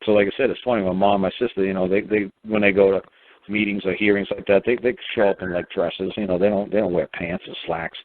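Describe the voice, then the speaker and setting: Brief: man calling in, low voice, rambling, swears freely, dry tinny phone line. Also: steady tone, fast talker. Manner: rambling and profane, many fillers and restarts. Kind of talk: casual spoken storytelling.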